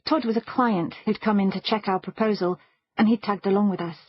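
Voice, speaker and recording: A woman narrating a first-person audiobook thriller in a measured storytelling manner. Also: medium pitch, fairly even intonation, highs cut off, a little hiss or hum.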